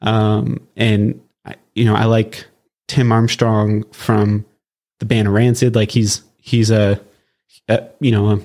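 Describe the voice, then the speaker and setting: A man's voice: on the low side, little pitch movement, takes it slowly, a little mellow. Casual rambling man hosting a podcast. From Southern California. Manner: casual, rambling, many fillers and restarts. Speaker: podcast host. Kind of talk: solo podcast reflection.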